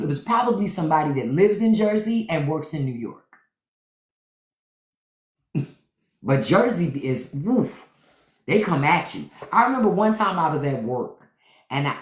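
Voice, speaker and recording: A middle-aged woman from Washington, DC, hosting a casual livestream and telling profane, animated stories. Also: low-pitched. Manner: animated, profane storytelling with acted-out quotes. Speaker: podcast host on a live stream. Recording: roomy echo.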